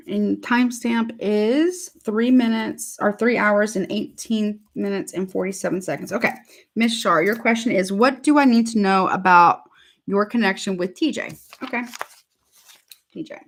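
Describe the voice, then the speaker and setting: A woman's voice: mid-range voice, normal speed. A woman giving a casual live tarot reading, chatty and repetitive, calling her viewers honey. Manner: chatty, repeats herself, calls viewers honey. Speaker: tarot reader.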